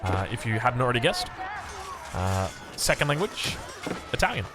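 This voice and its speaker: An Australian man giving animated, jokey esports match commentary with self-mocking asides. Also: medium pitch, moderate pace, over music. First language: English. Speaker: game caster.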